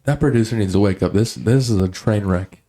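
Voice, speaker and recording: Casting: male podcast co-host, mellow and low, easygoing banter. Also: brisk. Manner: easygoing, laughs often. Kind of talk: casual chat.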